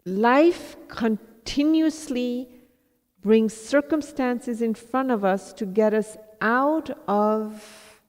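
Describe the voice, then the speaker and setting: A woman's voice: on the high side, extremely slow, a little mellow. A woman from India telling a personal story to a live audience as a spiritual teacher, reflective and self-mocking, quoting her own thoughts in asides. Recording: long hall reverb.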